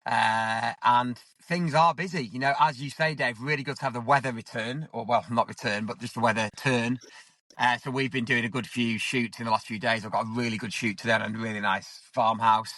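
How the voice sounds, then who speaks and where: A man's voice: mid-range voice, fairly even intonation, brisk, sharp tone, dry recording. A man with a lisp chatting as a podcast co-host, sitting in a parked car and rambling through stories from his week. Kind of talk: casual podcast chat.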